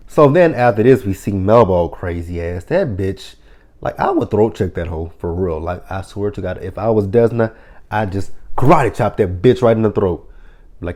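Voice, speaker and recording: A man in his thirties recapping a TV episode in a casual, profane, animated vlog style, acting out the characters' lines as he goes. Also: fairly low pitch, moderate pace. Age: 30s. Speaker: TV episode reviewer.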